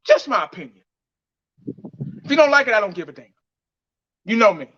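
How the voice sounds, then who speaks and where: A man's voice: high-pitched, big pitch swings, a little fast, sharp tone, slight background noise. A man giving blunt, heated fan commentary on his vlog, laughing mockingly as he rants. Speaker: fan vlogger. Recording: dull lo-fi audio.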